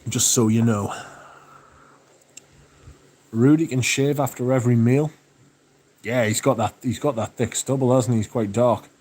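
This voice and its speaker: A man hosting a livestream, chatting casually and reading out viewer comments, relaxed and enthusiastic with plenty of swearing. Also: medium pitch, measured pace, long pauses. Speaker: livestream host.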